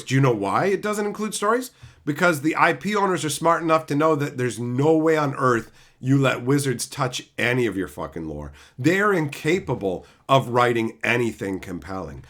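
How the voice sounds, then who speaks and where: A male streamer ranting at full heat, swearing constantly and mocking his targets. His voice swings widely in pitch, climbing and dropping with every outburst, and has a bright, forceful edge. The rant often rises to shouting. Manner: profane, heated, mocking, shouting at times. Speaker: streamer host. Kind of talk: angry livestream rant, reading chat.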